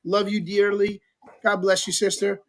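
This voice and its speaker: Stream host, man, high voice, upbeat, shout-outs and question prompts. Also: completely flat delivery, moderate pace, background noise. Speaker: show host. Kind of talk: live-stream talk show hosting.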